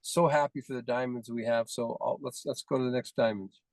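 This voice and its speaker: A man's voice: medium pitch, steady tone, brisk, gravelly, no echo, low-quality recording. A man leading a team call, praising members one by one in effusive, repetitive phrases. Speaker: team leader presenting recognitions.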